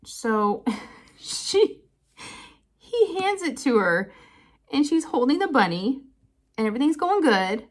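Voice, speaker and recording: A woman, chatting casually to her viewers and telling an animated family story with frequent laughter. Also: moderate pace. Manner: chatty, animated, laughs often, quotes people in higher voices. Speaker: crafting channel host.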